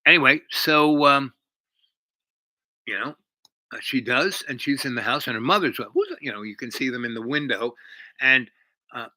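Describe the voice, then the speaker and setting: A man's voice: medium pitch, moderate pace, pauses often, sharp tone, no echo, low-quality recording. A man casually retelling a story, rambling with many fillers and restarts. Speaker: host.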